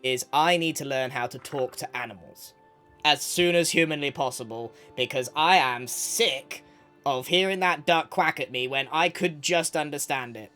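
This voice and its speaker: A man's voice: a little high, normal speed, bright, forceful tone, faint music behind. A man, chatting casually as a player in a tabletop game.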